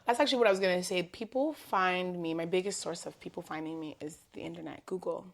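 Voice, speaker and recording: Lively, low-pitched woman stylist guest. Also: quick pace, gravelly. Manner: animated storyteller, laughs easily, acts out quoted voices. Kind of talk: conversational podcast interview.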